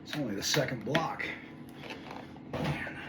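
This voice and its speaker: A man's voice: medium pitch, expressive, unhurried, far from the mic. Winded man in his sixties counting reps. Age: 60s. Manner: groans and mutters between sets, chatty asides. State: out of breath. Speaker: fitness vlogger. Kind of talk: workout vlog, counting reps aloud. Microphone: phone camera set at a distance. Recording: echoey room, phone from afar, background noise.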